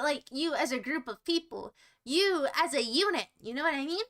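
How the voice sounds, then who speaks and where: A woman's voice: sits high, pushed and bright. A young woman livestreaming, chatting with viewers in a silly, rambling, self-mocking way that jumps from topic to topic. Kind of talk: rambling live-stream chat with viewers.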